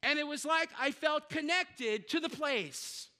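A man's voice: very high-pitched, measured pace, bright, forceful tone, long reverb tail. An older man preaching a sermon as pastor, talking in a conversational way with joking asides and often repeating words as he searches for them.

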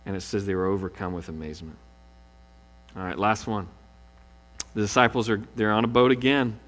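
A man's voice: lowish voice, steady tone, a little fast, a bit bright, long reverb tail. A male pastor preaching a sermon, telling stories with animation and acting out the quoted lines.

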